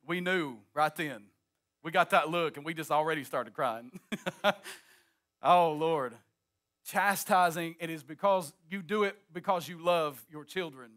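A male pastor preaching an impassioned sermon, rising into shouts and a sing-song cadence, then dropping into folksy asides. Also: on the high side, measured pace.

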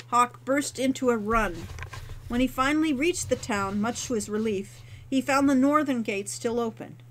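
A woman author narrating her own novel in a measured, expressive storytelling manner. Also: fairly high pitch, low-quality recording. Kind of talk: audiobook narration.

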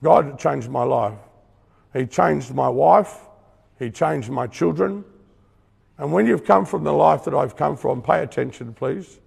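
Gravelly Australian man preaching a testimony. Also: on the high side, unhurried, darkish tone, big-room sound. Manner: earnest, emphatic, conversational, with acted-out asides. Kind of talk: testimony sermon.

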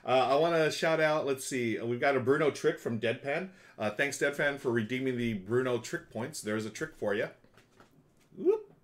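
A man's voice: medium pitch, moderate pace. Upbeat man hosting a home stream. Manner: upbeat, thanks viewers by name. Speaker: live-stream host. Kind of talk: casual live-stream chat.

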